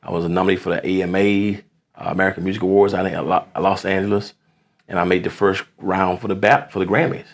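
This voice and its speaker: A man who is a pastor, speaking as a guest in a relaxed interview, with earnest phrasing like a sermon. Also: sits low, fast. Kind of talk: casual interview chat.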